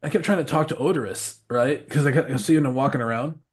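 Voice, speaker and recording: Fast-talking husky man telling stories. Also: medium pitch. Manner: rambling and animated, laughs often, swears freely. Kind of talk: casual storytelling chat.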